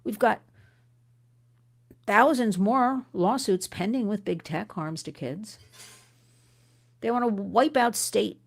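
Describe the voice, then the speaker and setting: A middle-aged woman from the United States hosting an advocacy livestream, talking urgently and earnestly to viewers, often restarting and swinging up in pitch. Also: takes it slowly, creaky, long pauses. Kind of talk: impassioned livestream address to viewers.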